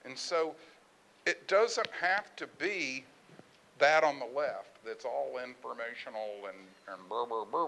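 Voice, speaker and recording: A middle-aged man speaking at a presentation about his research business, telling lively anecdotes and acting out what others said. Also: on the high side, a little hiss or hum, rough recording. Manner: animated storyteller, acts out quoted voices. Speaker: conference speaker, research firm owner.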